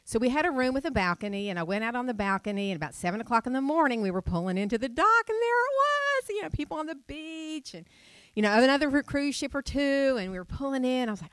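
A woman's voice: sits high, big pitch swings, fast talker, fairly bright tone, clean tone, no room sound. Woman preaching, dry close sound. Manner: chatty storytelling with rhetorical questions. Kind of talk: sermon.

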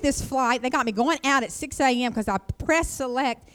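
A middle-aged woman giving an informal devotional talk, telling rambling personal stories and jumping high in pitch when she quotes herself. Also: fairly quick, hardly any pauses. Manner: chatty, rambling storyteller, jumps up high when quoting herself. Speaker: Christian speaker.

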